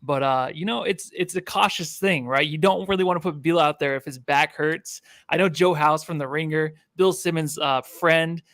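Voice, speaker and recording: A man co-hosting a casual sports podcast, talking in a relaxed, conversational way. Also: on the high side, normal speed, few pauses, no echo, clean studio sound. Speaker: podcast co-host.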